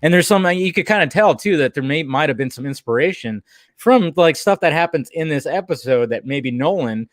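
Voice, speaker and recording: Male podcast host, casual and animated, quick to laugh, dry close sound. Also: a little high, no room sound. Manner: animated, laughs often while talking. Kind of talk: casual chat.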